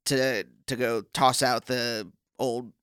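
A man's voice: medium pitch, fairly even intonation, slow, a bit bright, clean tone, no room sound, studio quality. A man co-hosting a podcast, chatting casually and breaking in with wry, teasing remarks. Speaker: podcast co-host. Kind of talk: casual chat.

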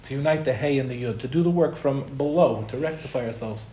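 A man's voice: mid-range voice, fast talker, warm tone, a little hiss or hum. A man giving a spiritual talk to an audience, conversational and storytelling, acting out the people he quotes. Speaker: Torah teacher. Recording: roomy echo, faint ambience.

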